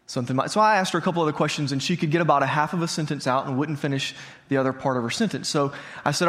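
A man's voice: a little high, very fast, a bit bright. A man in his thirties, a pastor, preaching to a congregation in a conversational way, telling a personal story and asking the audience questions. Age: 30s. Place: church hall before a congregation.

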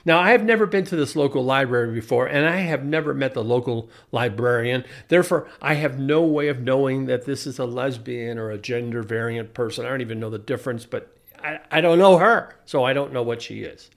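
A man in his forties giving a sardonic storytelling monologue, wry and deliberate, often restarting his sentences and adding asides. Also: mid-range voice, creaky. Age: 40s. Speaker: commentator.

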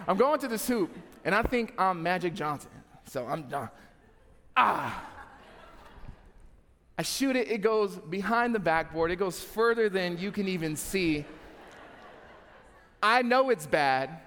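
A man's voice: sits high, expressive, unhurried, pauses often, fairly bright tone, slight background noise. A young adult man preaching a sermon as pastor, telling funny stories and talking straight to the congregation. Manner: humorous storytelling, talks to the congregation. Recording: long hall reverb.

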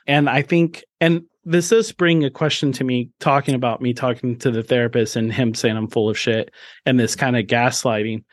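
A man's voice: medium pitch, steady tone, moderate pace, dry recording. Male host, 30s, mid-range voice, open and earnest, restarts a lot, dry sound. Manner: earnest and open, with frequent restarts and emphatic bursts. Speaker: podcast host. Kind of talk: candid personal storytelling in an interview.

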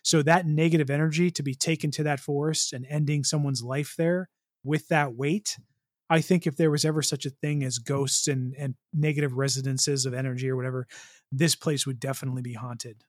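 A man's voice: medium pitch, steady tone, fairly quick, no room sound, clean studio sound. A man co-hosting a podcast, talking casually and rambling with many restarts. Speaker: podcast co-host. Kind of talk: casual chat.

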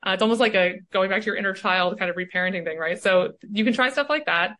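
A woman speaking as a coach and podcast guest in casual conversation. She is animated and keeps tagging her points with "right?". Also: mid-range voice, fast, hardly any pauses. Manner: animated, often tags "right?".

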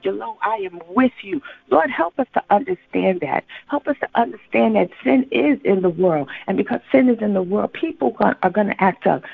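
A woman's voice: a little high, gravelly, breathy edge. A woman leading a fervent spoken morning prayer, pleading in repeated, rhythmic phrases. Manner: fervent, pleading, repetitive cadence. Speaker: prayer leader. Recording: tinny phone-like line.

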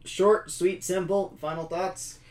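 A man's voice: sits high, fairly even intonation, takes it slowly. Southern man reviewing a movie from afar. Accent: Southern American. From Georgia, USA. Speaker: podcast co-host. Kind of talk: casual movie review chat. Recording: distant mic with faint background noise.

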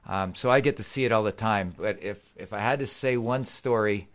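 A middle-aged man with a fairly low voice, a guest on a talk show telling stories about the athletes he trains. He is earnest and folksy, and his delivery gets animated as the stories build. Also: fairly quick. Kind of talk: casual storytelling.

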